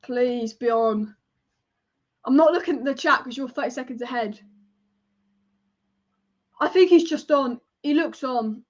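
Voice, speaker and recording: A young woman hosting a live football watch-along, excitable and casual, chanting and swearing as she reacts. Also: sits high, measured pace, long pauses. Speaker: football fan livestream host. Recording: dull lo-fi stream audio.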